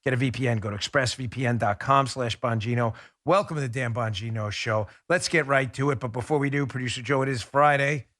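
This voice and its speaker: A man hosting a political talk show with brisk, emphatic talk-radio delivery on a studio mic. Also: mid-range voice, fairly bright tone. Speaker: host.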